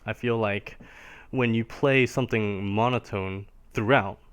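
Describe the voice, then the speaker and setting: This music lesson is streamed live by a man whose fairly low, clean-toned voice stays fairly even and unhurried. He walks through piano ideas patiently, tacking a questioning "right?" onto almost every phrase.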